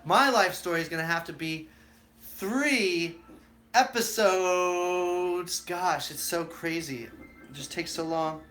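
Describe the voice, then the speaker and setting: Brief: male live-streamer, high-ish, bright tone, chatty storyteller with lots of ums and acted quotes. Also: slow, a little hiss or hum. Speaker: street magician hosting a live stream.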